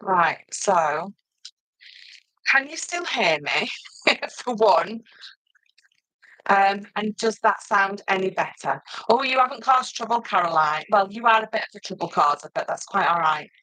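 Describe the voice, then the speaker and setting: A middle-aged woman, chatting loudly and laughing often as she presents paper crafts on a live stream. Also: medium pitch, animated, unhurried, no echo, rough recording. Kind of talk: casual live stream chat.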